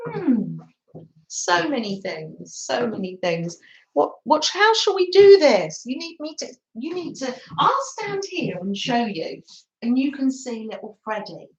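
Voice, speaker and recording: Lively, slow-talking chatty woman crafter. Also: a little high. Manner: rambling, self-mocking, laughs often, coos at her dog. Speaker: craft livestream host. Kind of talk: chatty live craft stream. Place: home craft room with door open. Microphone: streaming camera on the table. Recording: roomy, slightly dull home stream.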